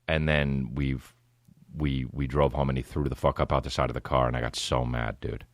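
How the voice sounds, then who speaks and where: A man's voice: a bass voice, little pitch movement, moderate pace, dry recording, studio quality. A man in his thirties hosting a podcast, telling a rambling, profane, laid-back comedic story. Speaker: podcast host.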